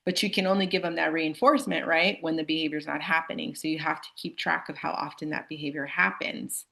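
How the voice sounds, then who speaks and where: A woman's voice: low voice, steady tone, a little fast, creaky, fairly bright tone. A young adult woman leads a staff training on student behavior and talks to her audience in a casual, chatty way. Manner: casual, chatty, addresses audience as "you guys". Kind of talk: live staff training presentation.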